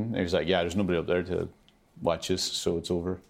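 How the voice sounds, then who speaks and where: Lower-voiced Irish man telling stories. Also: fast talker, creaky. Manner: animated storyteller, swears freely, acts out quotes. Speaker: podcast co-host. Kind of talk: casual comedic chat.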